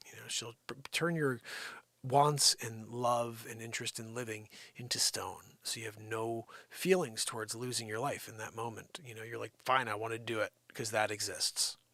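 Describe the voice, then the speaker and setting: A man hosting a live comedy stream, rambling and teasing an unseen sidekick with a steady stream of "you know.". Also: mid-range voice, moderate pace, dry recording. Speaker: livestream comedy host. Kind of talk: improvised comedic rant.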